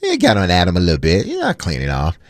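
A man co-hosting a sports talk radio show, telling a chatty, animated story about his lunch. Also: low-pitched, rapid-fire. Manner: chatty, animated anecdote with fillers.

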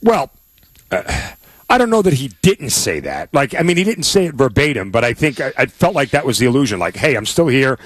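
A man co-hosting a sports talk radio show, giving his opinions in a relaxed, conversational way with frequent fillers and restarts. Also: medium pitch, a little fast, slightly rough, no echo. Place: radio studio.

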